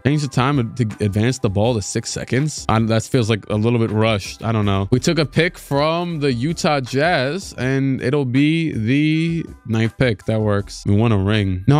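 A man streaming a basketball video game, giving rambling casual commentary and excited play-by-play calls that jump up in pitch. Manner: excitable, voice jumps high during play calls; rambling, self-correcting.

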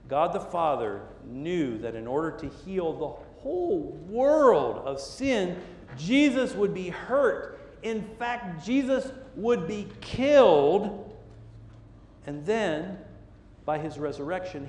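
Animated male pastor, echoey church. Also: high-pitched, slow pace. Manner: animated storytelling, acting out voices and sounds. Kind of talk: sermon. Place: church sanctuary.

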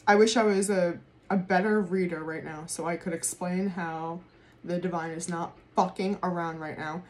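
A woman doing a casual tarot reading to camera, excitable, swearing freely and laughing often. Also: lowish voice, normal speed. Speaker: tarot reader.

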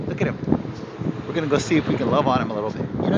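A man's voice: mid-range voice, big pitch swings, racing. A man vlogging outdoors in a parking lot, talking to ducks in a coaxing, sing-song baby-talk voice. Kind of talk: casual outdoor vlog. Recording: dull lo-fi camera audio, faint noise.

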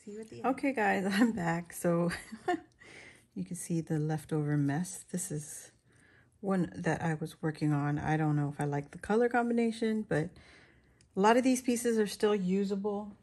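A woman crafting vlogger talking casually to her viewers as she shows her handmade pieces, chatty and quick to laugh. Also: medium pitch, darkish tone. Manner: chatty, laughs often, talks to viewers while showing her work.

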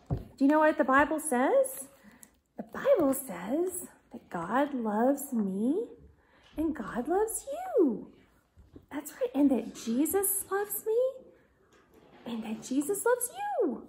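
A woman's voice: high voice, big pitch swings, slow, a little hiss or hum. A woman teaching a Bible class to small children from home, in a sing-song, exaggerated way with songs and animal sounds.

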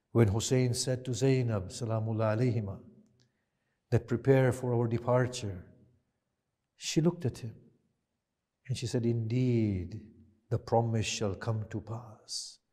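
A man preaching a Muharram sermon, retelling events with impassioned swings from loud emphasis to hushed quiet. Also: mid-range voice. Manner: impassioned, rising to loud emphasis then dropping to hushed tones. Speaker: shaykh giving a Muharram lecture. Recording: long hall reverb.

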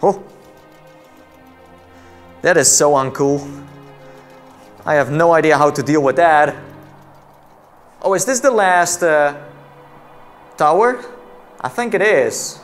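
A man's voice: on the high side, slow pace, pauses often, faint music behind. A man giving let's-play commentary on a game. He is jumpy and jokey, exclaiming and laughing as he plays. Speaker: VR gameplay commentator.

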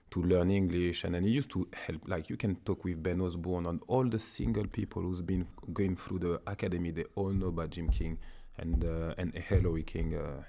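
A man with a French accent, a former footballer chatting as a guest, halting and searching for his words. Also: low voice, vocal fry, mellow. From France. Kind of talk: casual interview chat.

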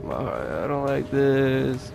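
Jumpy man yelling at a horror game. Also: mid-range voice, big pitch swings, takes it slowly, gravelly, over music. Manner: jumpy, loud, swears, talks to the game. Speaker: gaming video host. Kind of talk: let's play horror game commentary.

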